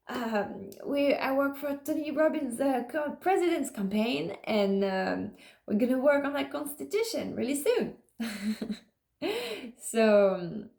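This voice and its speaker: A woman's voice: a little high, darkish tone, echoey room. A woman talking casually in a vlog, musing and rambling with many fillers and restarts. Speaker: vlogger. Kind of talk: casual self-recorded vlog talk.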